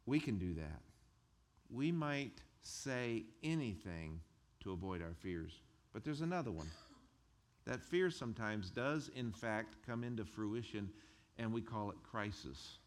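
A male pastor who preaches a sermon in a conversational, animated way and chuckles between his points. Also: lowish voice, unhurried.

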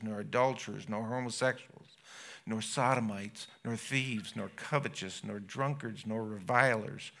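A man's voice: lowish voice, vocal fry, sharp tone. A man, a pastor, preaching an earnest sermon that builds to impassioned exclamations.

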